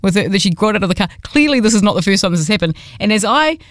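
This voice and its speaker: A New Zealand woman hosts a radio show, telling a story with a lively voice that rises and falls a lot. She pokes fun at herself as she talks. The studio sound is dry and close. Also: mid-range voice, racing, no echo. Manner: chatty and self-mocking. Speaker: radio host. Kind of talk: casual on-air storytelling.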